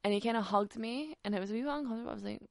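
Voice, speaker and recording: Sweary Scottish woman with vocal fry. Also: a little high, racing, no echo, studio quality. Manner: sweary, sarcastic, animated anecdote-telling. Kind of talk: casual storytelling.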